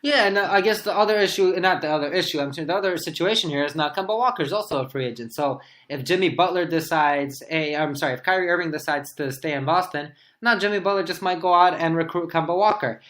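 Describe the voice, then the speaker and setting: A man's voice: fast, few pauses, a bit bright. Man co-hosting a casual sports podcast. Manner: thinks aloud, pitching hypothetical trades. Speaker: podcast co-host.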